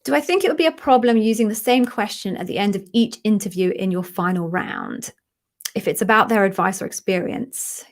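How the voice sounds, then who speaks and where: A woman's voice: medium pitch, moderate pace. A woman hosting a live question-and-answer stream, chatty and encouraging, openly emotional as she answers viewers. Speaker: livestream host, interview coach.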